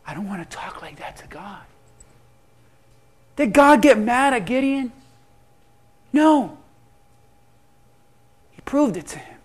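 A male pastor delivers a sermon with a very high voice and a slow, unhurried pace. He acts out prayers and scripture figures in quoted speech. His delivery swings from loud pleading to hushed asides. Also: expressive.

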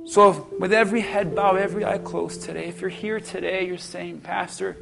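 A man preaching a sermon as pastor, calling out to the congregation and bringing them to a quiet prayer. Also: high voice, fairly even intonation, normal speed, vocal fry. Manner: preaching with call-and-response, from shouted peaks to a hushed altar call. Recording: music playing under the voice.

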